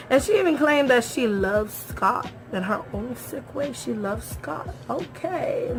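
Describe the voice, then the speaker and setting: A young woman recaps a reality show for her viewers in a casual, animated way. Her voice sits a little high, and she hammers her points home by repeating herself. Soft music plays underneath. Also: a little slow, few pauses. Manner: animated, emphatic, repeats phrases for effect; talks straight to viewers, calls them y'all.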